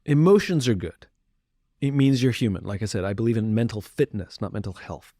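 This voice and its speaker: Recorded in a clean, dry studio, a male podcast guest speaks candidly and reflectively about himself, imitating the voices he quotes. His low-leaning voice is warm and fairly quick, with lively intonation.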